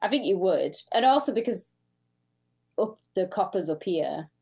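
A woman's voice: fairly low pitch, lively intonation, moderate pace, creaky, a little mellow. A woman co-hosting a podcast, chatting casually and bluntly, sometimes swearing. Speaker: podcast co-host.

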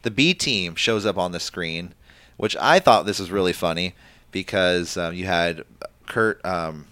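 Deep-voiced man rambling through a recap. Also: measured pace, fairly bright tone, no echo. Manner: rambling, filler-heavy, leads the rundown. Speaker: podcast co-host. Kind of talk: casual wrestling recap chat.

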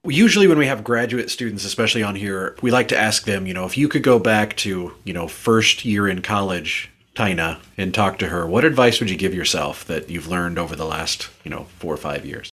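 A man hosting an interview show, asking questions in a relaxed, conversational way. His voice is husky and a little low. He talks at a quick clip. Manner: relaxed questioning with "you know" fillers. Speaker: podcast host.

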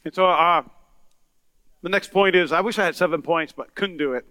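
A male pastor preaching a sermon in an animated way, acting out the lines of Bible characters. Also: on the high side, moderate pace, no room sound, studio quality. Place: large church hall.

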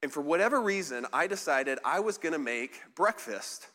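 A man's voice: fairly high pitch, animated, moderate pace, bright, forceful tone. A man giving a casual sermon as a pastor, chatty and self-deprecating, full of fillers and restarts. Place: large church hall. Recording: live sermon in a reverberant hall.

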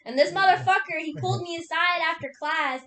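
A young woman telling a story in casual chat, swearing often and acting out what people said. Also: fairly quick. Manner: profane, animated storyteller acting out quotes. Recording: echoey room, faint rumble.

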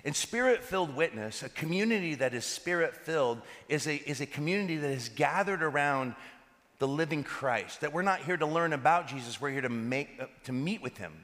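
Lively male pastor in a reverberant hall. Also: a little high, brisk. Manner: lively storyteller, acts out dialogue. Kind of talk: sermon with personal stories.

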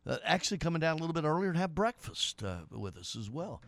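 A man's voice: fairly high pitch, very animated, fast talker, fairly bright tone, no room sound. A man hosting a sports radio show, chatting in a jokey, teasing way. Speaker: radio host. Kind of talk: casual radio banter.

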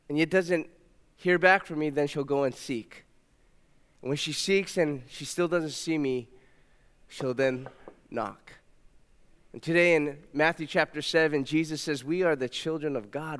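A pastor in his thirties giving a sermon in a church, telling a family story warmly and moving into prayer. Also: measured pace, pauses often, smooth. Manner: warm storytelling, puts on a high toddler voice for his daughter. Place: church sanctuary. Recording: long reverb of a church hall.

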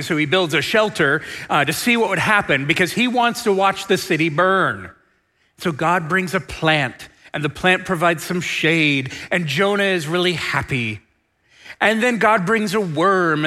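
A man preaching a sermon as pastor, telling the story in an animated, joking way. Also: fairly high pitch, in a large hall. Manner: animated, jokey storytelling with laughs.

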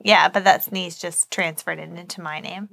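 A woman's voice: lowish voice, fairly even intonation, normal speed, vocal fry, a bit bright. A woman co-hosting a podcast with her husband, teasing and sarcastic in casual chat. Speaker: podcast co-host.

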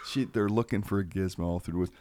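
A man's voice: deep voice, quick pace. A man, a radio personality telling stories on a casual podcast, acting out quoted lines with animation. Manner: animated, acts out quotes in a raised voice.

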